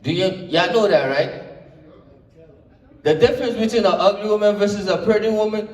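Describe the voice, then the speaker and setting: A man from Brooklyn, doing laid-back stand-up comedy with drawn-out lines and playful asides, heard from far off in an echoey room. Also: high-pitched. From Brooklyn, New York.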